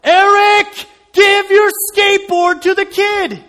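A man voicing God as a solemn, slow inner voice that gives commands. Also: fairly high pitch, sing-song, a bit bright, big-room sound, voice pushed down, full character voice. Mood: booming. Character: divine inner voice, calm and commanding.

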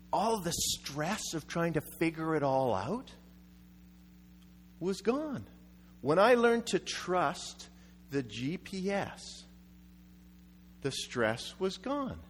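Male preacher: high, expressive voice, storytelling sermon, echoey hall sound. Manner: animated storytelling with acted-out quotes. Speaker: pastor.

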